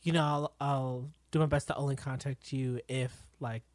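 A woman's voice: rumbling low, steady tone, moderate pace, darkish tone, no room sound. A woman co-hosting a podcast, chatting casually with playful asides while recapping a show. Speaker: podcast co-host.

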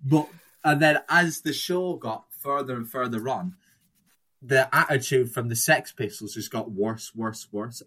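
Young guy, casual storyteller, salty language, mid pitch. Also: measured pace, sharp tone. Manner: rambling storyteller, swears freely, acts out quotes. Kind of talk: casual chat.

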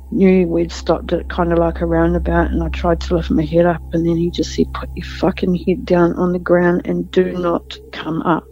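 A woman with an Australian accent giving a halting personal account in a news interview. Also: on the low side, mellow. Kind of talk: personal testimony. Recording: dull lo-fi sound with music bed.

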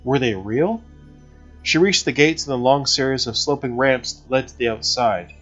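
A man narrating an audiobook in a steady, measured reading. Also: medium pitch. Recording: slightly dull recording with faint music.

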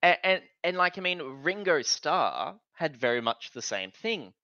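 A man co-hosting a casual online podcast discussion, animated and prone to stammering restarts. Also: fairly high pitch, measured pace, dry recording, lo-fi sound. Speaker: podcast co-host.

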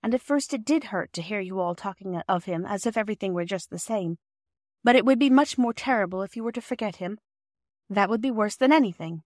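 A woman reader voicing a weary, loving mother in a storybook reading, speaking softly and tenderly. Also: brisk, no room sound, studio quality, natural voice. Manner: soft, tender, low-key.

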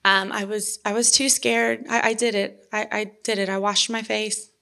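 A woman giving an earnest personal faith testimony, halting and restarting as she talks. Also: mid-range voice, flat delivery, gravelly, sharp tone.

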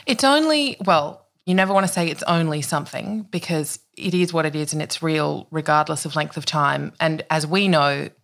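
A woman hosts a conversational interview. Her voice is low and gravelly, with a slight fry. She speaks reflectively and at a measured pace. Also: fairly bright tone.

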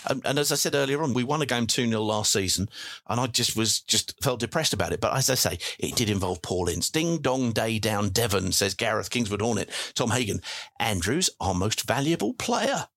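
A lower-voiced English man hosts a fan podcast, rattling through listener messages with jokes and wordplay asides. The sound is dry and close, with no room around him. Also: lively intonation, a little fast, fairly bright tone, no echo. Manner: jokey, chatty, wordplay asides. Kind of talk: casual chat.

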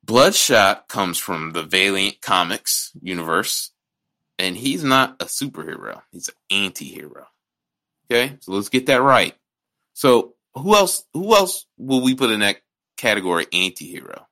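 A man's voice: on the low side, very animated, measured pace, sharp tone. A man co-hosting a podcast in casual chat, ranting and joking with lots of swearing. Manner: ranting, profane, jokey. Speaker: podcast co-host.

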